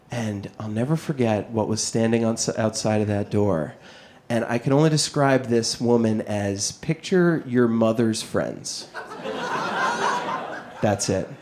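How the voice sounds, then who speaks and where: A young man doing stand-up, telling a story on stage, animated, jumping between quoted voices and laughing through his lines. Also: high-pitched. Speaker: stand-up comedian. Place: comedy club stage with audience.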